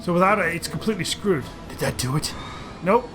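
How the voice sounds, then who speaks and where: A man giving excitable, profane gameplay commentary, often breaking into loud outbursts, over game music. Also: high-pitched, brisk. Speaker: let's play host.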